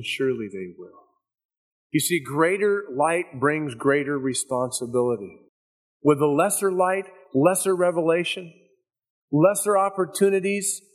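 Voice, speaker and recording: Male preacher, higher voice, emphatic and dramatic sermon delivery.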